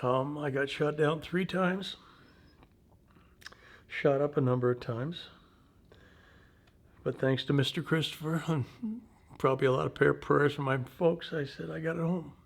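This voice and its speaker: An older man in his seventies recounts memories as an interviewee, his voice sitting slightly high for a man. He talks in an unhurried, halting way, with folksy turns of phrase and frequent pauses. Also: steady tone, creaky. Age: 70s. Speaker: veteran interviewee. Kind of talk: personal war storytelling interview.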